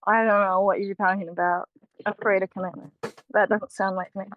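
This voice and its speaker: A woman who is a guest on a casual podcast chat, joking in a dry, deadpan way. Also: medium pitch, brisk, phone-quality sound, slight background noise.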